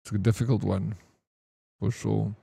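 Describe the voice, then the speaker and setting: Laid-back gaming streamer. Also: male voice, on the low side, flat delivery, moderate pace, vocal fry, mellow, husky, no room sound. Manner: laid-back, chatty, slangy, talks to chat and to himself. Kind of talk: casual live-stream chat while playing.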